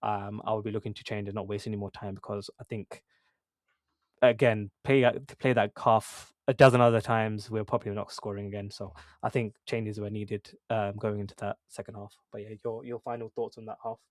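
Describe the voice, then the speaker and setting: A man's voice: fairly low pitch, flat delivery, brisk, no room sound, clean studio sound. A young man co-hosting a football podcast, talking casually with lots of fillers and restarts. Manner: conversational, many fillers and restarts. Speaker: podcast co-host.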